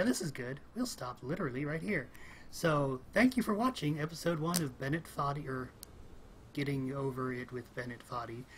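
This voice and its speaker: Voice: medium pitch, fairly bright tone, a little hiss or hum. A gamer giving casual, rambling commentary while playing, thinking aloud with frequent little laughs and exclamations. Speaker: let's play gamer.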